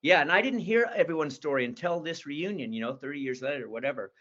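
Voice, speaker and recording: A man's voice: a little high, expressive, fast, fairly bright tone, dull audio. A man in his sixties, an interview guest telling stories in an enthusiastic, rambling way. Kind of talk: casual storytelling.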